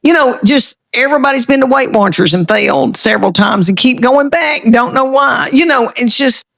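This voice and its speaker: A middle-aged woman comedian with a thick Southern country accent, chatting folksy and animated in an interview. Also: high-pitched, normal speed, vocal fry. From American South. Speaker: comedian guest. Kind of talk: casual interview chat.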